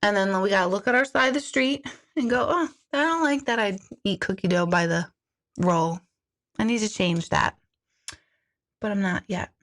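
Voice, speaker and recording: Bright-voiced candid woman. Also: medium pitch, normal speed, pauses often. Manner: candid, self-mocking, swears freely. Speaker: intuitive life coach. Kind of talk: casual live-stream monologue.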